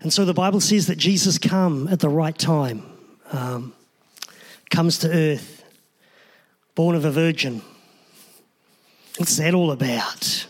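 A man's voice: a little high, slow, pauses often. A man, a pastor, preaching a sermon in an earnest, emphatic way with short repeated phrases.

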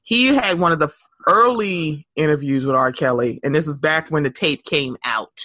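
A woman in her thirties hosting a podcast, chatting casually in an animated, sing-song way and laughing often. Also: low voice, normal speed, no room sound. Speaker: podcast host. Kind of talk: casual chat.

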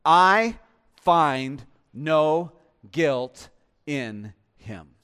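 A man's voice: fairly high pitch, big-room sound. A man, the pastor, preaching a sermon with emphasis and tossing rhetorical questions to the congregation.

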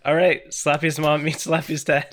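Bright-voiced man improviser. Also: fairly high pitch, flat delivery, normal speed. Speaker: improv performer. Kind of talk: improv comedy podcast.

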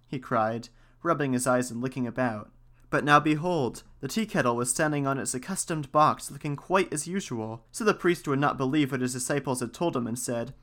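A man reading an old folktale aloud as a storyteller, in a calm, unhurried way, giving the characters light voices. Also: medium pitch.

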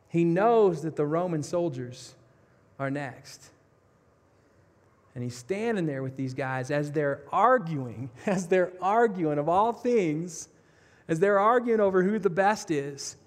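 A man preaching a sermon, retelling a story vividly and speaking directly to his listeners. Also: sits high. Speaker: pastor. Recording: long reverb of a large hall.

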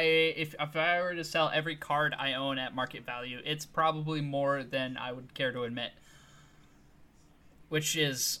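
A man's voice: a little high, pushed and bright. A man co-hosting a casual podcast, playful and laughing often as he tells a story. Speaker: podcast co-host.

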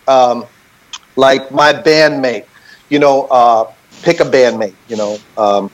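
A man speaking over a remote call in a relaxed, explanatory way. His voice sits somewhat high for a man, and he keeps the thread moving by checking in with "right?" as he explains. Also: poor audio. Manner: animated, talks things through with many "right?" checks. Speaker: band member on a group call. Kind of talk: casual explanatory chat.

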